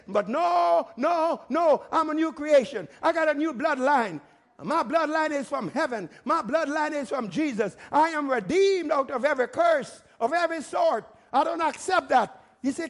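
A male pastor preaching a sermon emphatically, firing rhetorical questions and rising to shouts. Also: very high-pitched, expressive, moderate pace.

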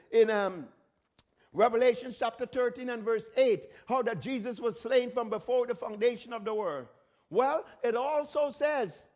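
A male pastor preaching a sermon, repeating phrases in a steady cadence and dropping his voice when quoting scripture. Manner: repetitive preaching cadence, quotes scripture in a lower voice.

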